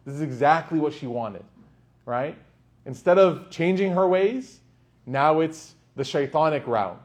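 A man giving a sermon to a live audience in a lecture hall, in an animated storytelling manner, acting out the quoted voices. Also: a little high, unhurried. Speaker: Islamic lecturer.

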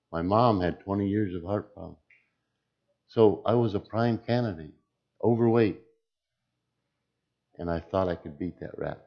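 Slow and measured, a very low-voiced man serving as a church deacon gives his testimony, taking care over each word. The audio sounds muffled and a bit lo-fi.

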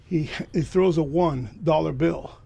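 A man from Miami, a guest telling a personal story with emphatic bursts of loud excitement. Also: a little high, measured pace, vocal fry, slightly rough.

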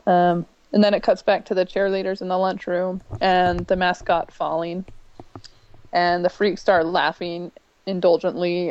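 A woman's voice: fairly low pitch, dull audio. A woman co-hosting a podcast, casually recapping a TV episode and quoting lines from it, with plenty of ums. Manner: chatty retelling with many ums, quoting lines in a brighter voice. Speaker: podcast co-host.

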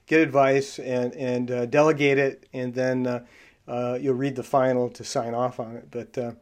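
A man's voice: medium pitch, little pitch movement, darkish tone. A male podcast host who explains personality traits in a coaching tone, with frequent fillers and restarts. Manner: halting, many fillers and restarts. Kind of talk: casual interview.

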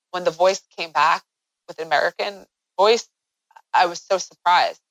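A woman guest in an interview, telling a personal story in an earnest way that grows animated as she recounts events. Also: on the low side, normal speed, no room sound, low-quality recording.

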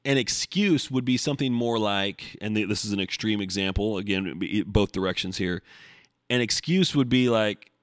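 Blunt low-voiced man, podcast host. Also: moderate pace, no echo, studio quality. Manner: blunt, profane, rambling with restarts. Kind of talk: casual solo podcast monologue. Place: home, recording before the gym.

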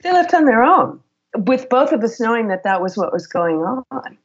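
A middle-aged woman, a guest in an interview, telling work stories in an animated way and laughing as she goes. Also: on the high side, moderate pace, slightly rough, highs cut off. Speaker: guest, former HR executive. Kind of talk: conversational interview storytelling.

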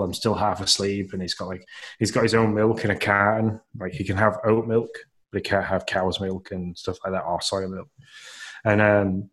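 Low-voiced dad rambling. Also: male voice. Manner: rambling, filler-heavy, self-deprecating. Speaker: podcast co-host. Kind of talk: casual chat, storytelling.

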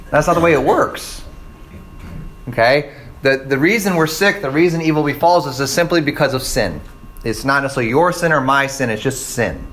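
A man's voice: mid-range voice, fairly bright tone, slight background noise. A man preaching a sermon in a conversational way, often checking in with listeners and acting out the voices of the people he quotes. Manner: checks in with "right?" and "okay?". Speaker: pastor.

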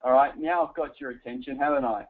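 A man teaching a live audience how to close sales, coaching them directly with an animated manner. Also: medium pitch, fast. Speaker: sales trainer. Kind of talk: live sales training talk. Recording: tinny phone-like recording. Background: audience present.

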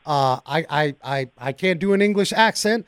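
High-pitched guy hosting car radio, folksy and excitable, dry studio sound. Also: normal speed, no echo. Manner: excitable, folksy, talks to listeners directly. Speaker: radio show host. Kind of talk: casual radio talk. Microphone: studio mic.

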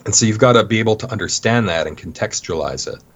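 A Canadian man, a guest in an interview, telling stories in a relaxed way with plenty of "you know" fillers. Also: on the low side, fast talker. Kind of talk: casual interview talk.

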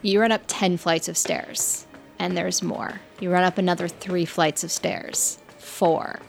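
A woman game master narrating a tabletop game in a measured, descriptive way. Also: on the low side, steady tone, vocal fry, faint music behind. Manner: measured, descriptive scene-setting.

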